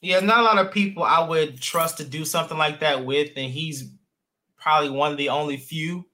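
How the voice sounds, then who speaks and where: Bright-voiced easygoing podcast host man. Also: fairly high pitch, fairly quick. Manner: easygoing, short agreeing replies. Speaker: podcast host, jiu-jitsu coach. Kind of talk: casual interview chat.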